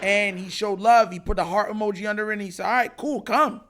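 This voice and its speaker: A man hosting his own podcast, telling a story casually and acting out excited moments. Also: high voice, fast, a little hiss or hum. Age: adult. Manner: animated, retells others' lines with raised excited voice. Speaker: podcast host.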